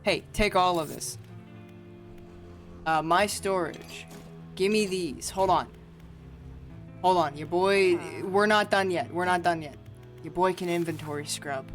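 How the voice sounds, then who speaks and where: A woman's voice: lowish voice, slow, long pauses, faint music behind. A woman streamer giving casual, joking commentary as she plays, swearing freely and talking to herself.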